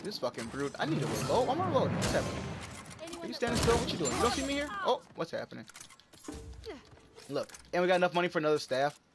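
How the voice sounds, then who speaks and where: Excitable man over game gunfire. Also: high-pitched, fast, pauses often, heavy background noise. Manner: excitable, swears often, yelps when under fire. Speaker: gamer. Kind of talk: casual gameplay commentary. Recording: game gunfire loud under the voice. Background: gunfire and explosions from the game.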